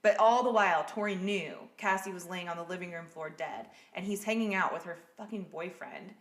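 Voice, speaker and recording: Woman podcast host, low-pitched voice, casual true-crime storytelling, blunt and swearing, echoey room. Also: fairly quick. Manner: blunt and outspoken, swears freely.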